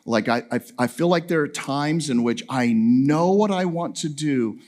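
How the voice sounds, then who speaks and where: A man, teasing his wife in a lively, joking talk to a camp audience. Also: on the high side, measured pace. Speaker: family camp speaker.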